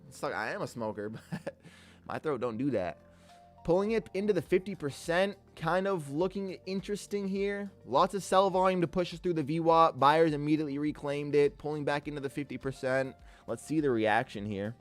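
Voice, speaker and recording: A man's voice: fairly high pitch, moderate pace, soft background music. A man live-streaming his day trades, talking through the charts in a laid-back, upbeat way and greeting chatters as king and brother. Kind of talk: live trading commentary with chat shout-outs.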